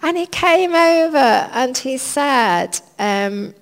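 A woman preaching at an unhurried pace, her fairly high voice carrying a gravelly edge. She talks in a chatty, anecdotal way with gentle humor, and the sound rings with the long reverb of a large church hall. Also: lively intonation. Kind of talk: informal sermon.

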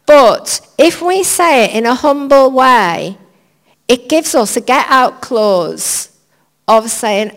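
A woman preaching at an unhurried pace, her fairly high voice carrying a gravelly edge. She talks in a chatty, anecdotal way with gentle humor, and the sound rings with the long reverb of a large church hall. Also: animated. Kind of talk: informal sermon.

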